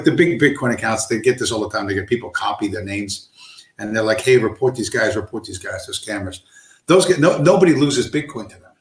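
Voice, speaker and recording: A man's voice: lowish voice, a bit bright, reverberant. A man hosting a livestream, ranting in a heated, profane, blunt monologue. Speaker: livestream host.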